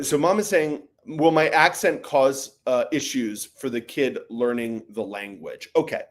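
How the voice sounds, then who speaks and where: A man hosting a live question-and-answer session for parents, explaining casually with fillers and "right?" tags. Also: a little high.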